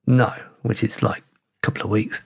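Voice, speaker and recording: A British man co-hosting a podcast, chatting casually with a jokey, self-mocking manner and an animated delivery. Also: lowish voice, normal speed, breathy edge. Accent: British English. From Britain. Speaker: podcast co-host. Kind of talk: casual chat.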